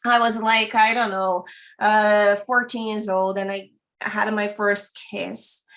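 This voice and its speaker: A woman's voice: medium pitch, slow pace. A woman guest on a podcast, chatting casually and acting out the voices in her stories, with frequent fillers. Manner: animated storyteller who acts out quoted voices. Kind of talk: casual chat.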